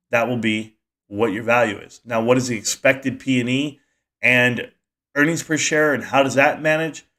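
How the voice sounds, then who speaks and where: Chatty man hosting a live stream. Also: mid-range voice. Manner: animated, rambling, talks back to chat. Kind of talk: casual live stream chat.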